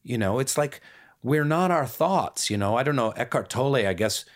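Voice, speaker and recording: A man in casual conversation as a podcast co-host, talking in a reflective, gently playful way that trails into soft asides. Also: mid-range voice, lively intonation, moderate pace.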